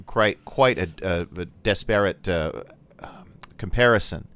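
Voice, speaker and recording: A man's voice: low-pitched, unhurried, a bit bright, smooth. An older man in a casual panel chat, opinionated and often searching for his words.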